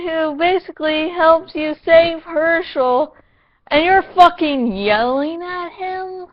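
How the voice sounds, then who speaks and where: Slow, sarcastic woman vlogger. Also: very high voice, dull audio. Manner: sarcastic, profane, playful. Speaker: vlogger reviewing a TV episode. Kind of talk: casual review vlog.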